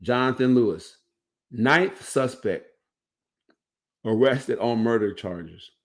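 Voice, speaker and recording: A man's voice: medium pitch, slow pace. A man hosting a casual livestream, commenting loosely and restarting his sentences as he goes. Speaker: livestream host and coach.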